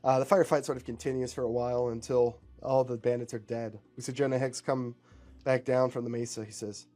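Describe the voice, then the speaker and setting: A man's voice: mid-range voice, steady tone, fairly quick, dark tone, soft background music. A man casually improvising a story aloud, rambling with fillers.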